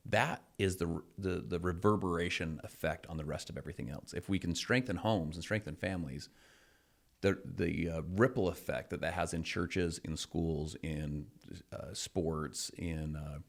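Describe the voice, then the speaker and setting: Middle-aged podcast guy, really deep gravelly voice, talks fast, acts out quotes. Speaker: podcast host. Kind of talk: casual chat, storytelling.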